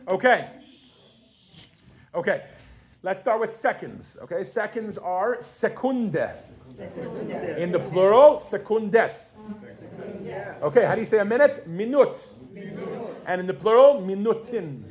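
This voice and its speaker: A pregnant woman teaching Yiddish to a class, animated and casual, quizzing her students with frequent questions. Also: mid-range voice. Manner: casual, with fillers and restarts. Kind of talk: classroom language lesson.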